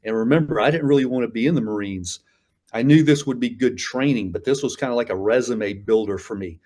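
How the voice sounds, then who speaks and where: Speaking briskly in a mid-range voice with a darkish tone, a man in his fifties shares stories as an interview guest. The combat veteran rambles casually, full of fillers and restarts, and keeps saying "man."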